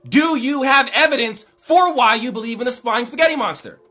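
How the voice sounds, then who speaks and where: A man's voice: very high-pitched, expressive, fairly quick, pushed and bright. A man hosting a live stream, lecturing emphatically and with exasperation as he answers chat.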